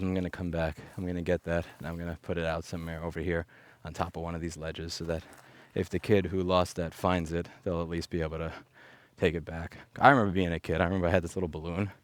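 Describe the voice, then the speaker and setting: A deep-voiced man, a repair activist vlogger, delivers an off-the-cuff monologue while collecting litter outside. Speaking into a headset microphone with no echo, he's blunt and ranting, tossing in sarcastic remarks.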